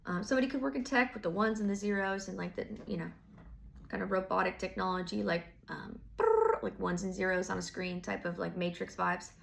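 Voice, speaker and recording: A woman's voice: medium pitch, steady tone, a little fast, gravelly, slight background noise. A woman giving a casual tarot reading, rambling and full of filler words, with the odd swear. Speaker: tarot reader.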